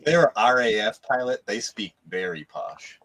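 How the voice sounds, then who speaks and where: A man's voice: on the low side, expressive, normal speed, a bit bright, a little hiss or hum. An American man in a casual chat, curious and hesitant, full of likes and restarts. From United States. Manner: curious, hesitant, many fillers.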